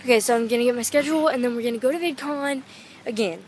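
A teenage girl vlogging on her phone at a fan convention, talking fast and gushing with excitement. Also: on the high side, a little hiss or hum. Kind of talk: excited casual vlog. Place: convention and car. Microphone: handheld phone.

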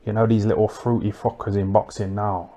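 A man doing a rambling comic monologue, deadpan and crude, mocking people and tacking "innit" and "you know what I mean" onto his lines. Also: on the low side, brisk. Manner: deadpan, crude and mocking, full of tag questions. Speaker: comedic livestream host.

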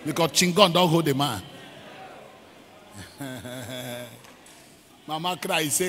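A man's voice: on the high side, takes it slowly, long pauses, big-room sound, slight background noise. A man with a Nigerian accent preaching a sermon, telling a story and acting out its quotes. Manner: acts out quotes, leads shouted prayers, mixes in pidgin. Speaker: evangelist preacher. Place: large church hall.

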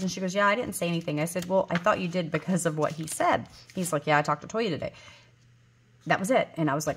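A woman's voice: fairly low pitch, fast, slight background noise. A woman in her forties chatting casually, rambling through a story with fillers and self-corrections. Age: 40s. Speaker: vlogger. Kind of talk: casual chat while counting cash.

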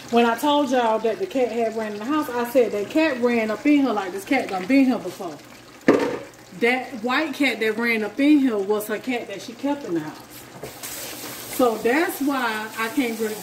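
A cooking vlogger with a fairly high voice chats casually and folksily to her viewers while cooking in her home kitchen. The kitchen is echoey, and a loud frying sizzle adds background noise.

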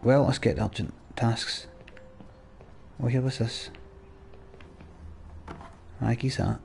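A man's voice: medium pitch, slow pace, gravelly, a little mellow, soft background music. A Scottish man chatting and ranting as he plays a game, swearing freely. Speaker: gamer. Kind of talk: let's play commentary.

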